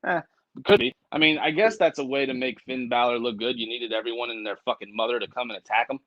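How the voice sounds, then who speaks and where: A man's voice: mid-range voice, quick pace, no room sound. Profane man on a dull, dry mic. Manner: profane, rambling, reads viewer comments aloud. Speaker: co-host. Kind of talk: casual livestream chat.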